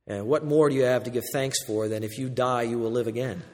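A pastor preaching a sermon, shifting between loud, urgent exhortation and quiet, intimate passages. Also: male voice, mid-range voice, fairly quick, long reverb tail.

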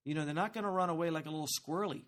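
A man preaching a sermon as pastor, talking to the congregation in a conversational, animated way and asking them questions. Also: fairly high pitch, racing.

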